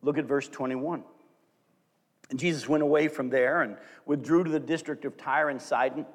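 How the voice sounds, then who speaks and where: A man's voice: mid-range voice, fairly even intonation, normal speed. A man preaching a sermon to his congregation, reading scripture aloud and acting out the quotes with animation. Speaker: pastor. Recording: long hall reverb.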